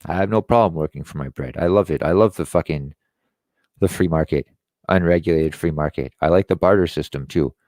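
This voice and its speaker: A man's voice: extremely low pitch, brisk, a little mellow, dry recording, studio quality. A man hosting an online show, ranting in a sarcastic, profane way. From Quebec. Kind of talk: ranting commentary.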